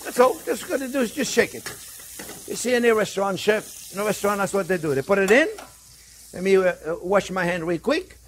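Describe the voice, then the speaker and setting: A man with a fairly high voice runs a cooking demonstration from his kitchen. He chats and jokes as he goes and keeps calling the viewers his friends, with a pan sizzling faintly behind him. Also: a little fast, a little hiss or hum. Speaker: cooking show host, chef.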